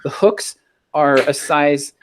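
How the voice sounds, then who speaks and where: A man co-hosting a podcast, telling a casual story in an animated way. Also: on the high side, slow pace, a little hiss or hum. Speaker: podcast co-host. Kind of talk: casual chat.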